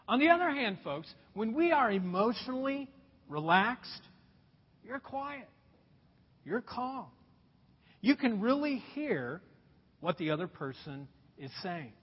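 Animated husky-voiced preacher man. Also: very high voice. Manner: animated, addresses listeners as folks, asks rhetorical questions. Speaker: pastor. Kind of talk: sermon. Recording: echoey hall, dull lo-fi sound.

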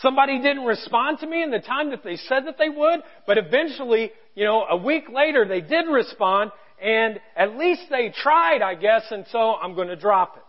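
A male pastor giving a conversational, animated church sermon and acting out quotes. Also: very high voice, moderate pace, few pauses, muffled recording.

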